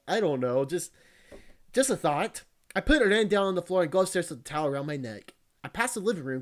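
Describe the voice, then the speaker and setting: A VTuber reading a visual novel aloud, breaking off for joking, crude, teasing asides and frequent laughs. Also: mid-range voice.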